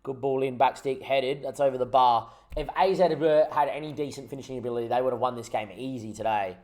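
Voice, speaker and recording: A man's voice: mid-range voice, fast talker, a little mellow. A young man giving frustrated, rambling commentary over his own gameplay, swearing often. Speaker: gaming YouTuber.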